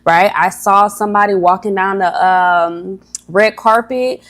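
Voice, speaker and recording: A woman's voice: medium pitch, steady tone, a little slow. A young woman hosting a casual motivational livestream, chatty and a little nervous, often stumbling over her words as she rambles. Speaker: livestream host.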